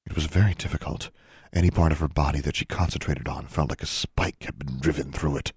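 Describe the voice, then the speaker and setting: A man with a deep, husky voice reads a fantasy audiobook in a steady, measured way. The recording is dry and close, with no room sound around him. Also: dry recording. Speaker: narrator. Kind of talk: audiobook narration.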